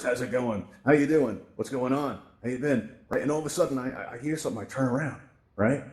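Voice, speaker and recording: Slightly mellow and medium in pitch, a man's voice hosts a virtual reality tutorial event via headset microphone. He presents casually and chattily, frequently closing lines with "right?" or "you know".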